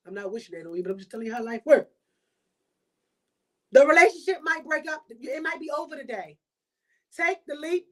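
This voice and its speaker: A woman's voice: high-pitched, a bit bright. Emphatic woman podcast host, preaching. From Baltimore. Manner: preachy, emphatic, repeats points. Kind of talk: motivational monologue.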